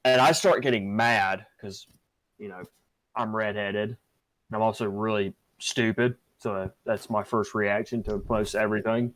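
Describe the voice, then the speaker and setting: A man's voice: fairly low pitch, steady tone, unhurried, a bit bright, no room sound, low-quality recording. A young man hosting a podcast, telling a personal story casually with many fillers and restarts. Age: young adult. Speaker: podcast host.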